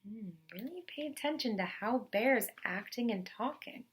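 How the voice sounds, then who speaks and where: A woman teacher reading a picture book aloud to children in an expressive way, stopping to explain words. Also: on the high side, moderate pace. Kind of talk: children's read-aloud narration.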